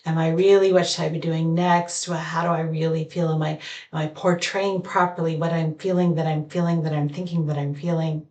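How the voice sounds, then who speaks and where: A woman talking alone to her camera at home, meandering through her thoughts with many pauses and fillers. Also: low voice, level tone, a little mellow, muffled recording. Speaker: vlogger. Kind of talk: reflective solo talk to camera. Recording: echoey room, voice far from mic.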